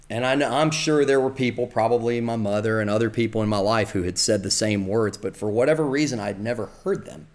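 A middle-aged man with a Southern American accent, telling his own recovery story in a reflective, confessional way. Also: lowish voice. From Southern United States. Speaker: podcast storyteller.

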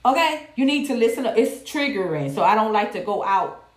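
A woman's voice: fairly high pitch, a little fast. Woman on a livestream, cussing and real blunt, kinda echoey room. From Georgia, USA. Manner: blunt, profane and animated, reading viewer comments. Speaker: livestream host. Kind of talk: candid casual commentary. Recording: roomy echo.

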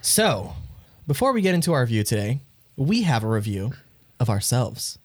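A man co-hosting a casual podcast, playful and animated. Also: mid-range voice, moderate pace. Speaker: podcast co-host.

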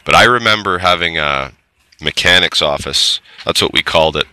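A middle-aged man with a very deep yet strikingly bright voice tells a story in a casual monologue. He speaks candidly and plainly, with the odd swear word. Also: normal speed, clear, resonant tone, dry recording, low-quality recording. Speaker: trades technician telling his story.

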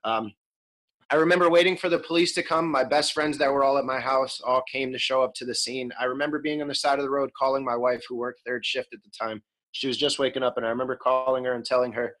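On a rough recording, a thirtysomething interview guest talks fast in a mid-range, fairly bright voice with fairly even intonation. He shares his story frankly and casually, full of ums and restarts.

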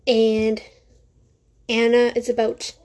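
A woman's voice: a little high, monotone, slow, darkish tone. A teenage girl hosting a casual solo podcast from home, rambling, correcting herself and making sarcastic asides. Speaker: podcast host.

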